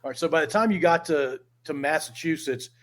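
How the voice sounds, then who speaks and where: Casual male podcast host, higher voice. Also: brisk, fairly bright tone. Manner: casual, leading questions with restarts. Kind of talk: conversational interview.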